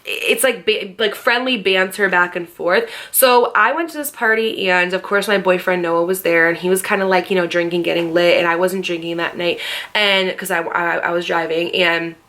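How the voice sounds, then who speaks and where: A young woman in her twenties telling a story to her viewers in a casual, animated way, full of fillers and quoted dialogue. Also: fairly low pitch, moderate pace. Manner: chatty, animated retelling with quoted voices and laughter; frequent fillers and direct address to viewers.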